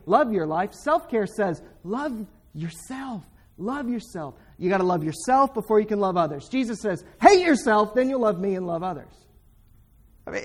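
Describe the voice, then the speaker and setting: Fervent preacher man, sharp bursts. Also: high-pitched. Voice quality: pointed, direct address to listeners. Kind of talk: sermon.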